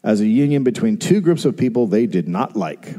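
Dry comedian telling history on stage. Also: male voice, lowish voice, expressive, a little fast, mellow. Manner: dry storyteller, reads quotes and dates. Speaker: comedian podcast host. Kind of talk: live comedy podcast, reading history. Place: large theater, live audience. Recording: reverberant live theater.

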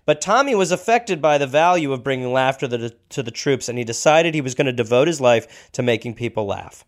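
A man's voice: medium pitch, lively intonation, brisk. A man hosting a comedy podcast, telling a history story casually with jokey asides. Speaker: podcast host.

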